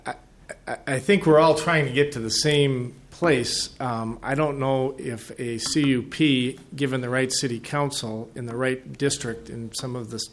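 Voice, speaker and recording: A man testifying to a committee for an association, speaking hesitantly and rambling with fillers. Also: medium pitch.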